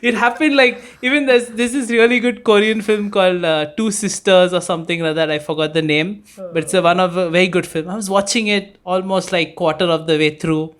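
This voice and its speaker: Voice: mid-range voice, brisk, hardly any pauses, fairly bright tone. Blunt, swearing young podcast co-host. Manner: blunt, swears a lot, bursts into laughing shrieks. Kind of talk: casual chat.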